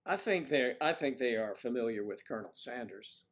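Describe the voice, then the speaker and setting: Brisk and lively in intonation, this medium-pitched livestream host rambles in a casual, folksy manner and replies to viewer comments. He comes from the Mid-Atlantic United States and has no marked accent.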